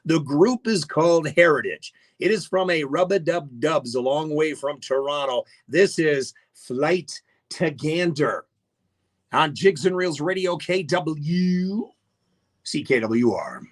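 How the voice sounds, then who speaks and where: Chatty radio host, high voice. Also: male voice, lively intonation, unhurried, a bit bright. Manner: chatty, jokey, greets listeners by name. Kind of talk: casual live radio chat. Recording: faint music behind the voice.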